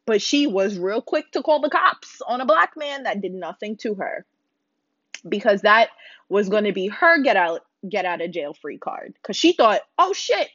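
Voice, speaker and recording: A woman's voice: medium pitch, normal speed, no room sound, dull audio. A young woman, telling a blunt, profane storytime rant to her viewers. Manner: blunt, loud, profane, animated. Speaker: vlogger. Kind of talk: casual ranting storytime.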